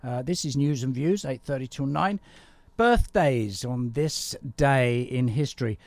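A man with an English accent hosting a community radio talk show in a studio, chatty and animated. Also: medium pitch, a little slow, dry recording. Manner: chatty, animated, laughs easily. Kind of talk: casual radio chat.

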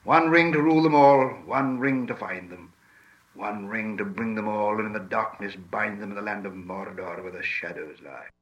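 A man's voice: fairly low pitch, lightly acted. Old recording of a man reading as a grave old wizard. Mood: solemn. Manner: measured, solemn reading. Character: ancient wise male wizard, grave. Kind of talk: archival reading aloud. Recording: old lo-fi archive recording, distant.

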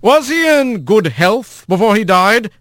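A man's voice: high-pitched, sing-song, measured pace, a bit bright, dry recording, studio quality, pitched above the performer's own voice, full character voice. A man voicing a male animal prosecutor who asks formal, leading questions.

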